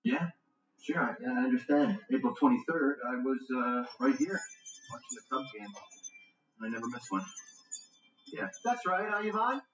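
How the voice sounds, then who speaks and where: A defensive suspect whose voice swings wildly in pitch as he goes from easy to snapping. The sound is dull and distant, like a TV movie heard across a room. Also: sing-song, normal speed, pauses often, fairly bright tone, faint music behind. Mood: easygoing. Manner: shifts from easy to snapping and coaxing. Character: defensive man, short-tempered with pregnant girlfriend. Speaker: suspect being questioned by police. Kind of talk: TV movie acting. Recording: dull, roomy TV audio from far off.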